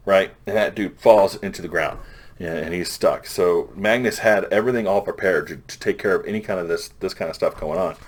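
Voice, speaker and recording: Casual comic reviewer, deep male voice, loose offhand retelling full of restarts. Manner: loose, rambling plot recap with frequent restarts; paraphrases characters in a plain offhand voice. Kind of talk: casual chat.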